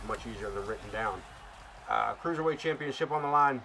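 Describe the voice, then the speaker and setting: A male streamer in a loose, jokey mood chats his way through a wrestling game. His pitch sits in a middle range, and he keeps trailing off and restarting his sentences. A steady hiss of background noise runs under his voice. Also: fairly quick, vocal fry. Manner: rambling, full of fillers and restarts, jokey. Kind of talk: casual chat.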